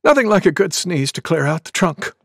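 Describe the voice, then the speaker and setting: A man's voice: high-pitched, very animated, vocal fry, a bit bright, breathy edge, no echo, studio quality, pitched above the performer's own voice, exaggerated voice. A man voicing a large, polite male elephant with a cold in a storybook reading. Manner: slow, polite.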